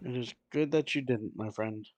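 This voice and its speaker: A man's voice: medium pitch, moderate pace, darkish tone, no room sound, poor audio. A man playing a character at a tabletop game, speaking hesitantly with fillers. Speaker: player.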